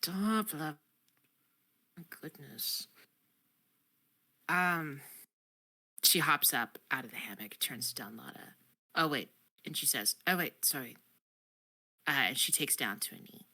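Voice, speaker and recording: Husky low-voiced woman player. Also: sharp tone. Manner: laughing, chatty, quick asides. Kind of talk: tabletop game play.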